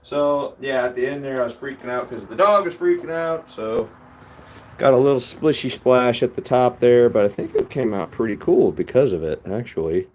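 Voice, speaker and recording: A man's voice: medium pitch, animated, normal speed, darkish tone, a little hiss or hum. A man giving casual live commentary to his viewers from a hot workshop, chatting straight to them as he works. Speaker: livestreamer casting metal. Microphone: phone livestream.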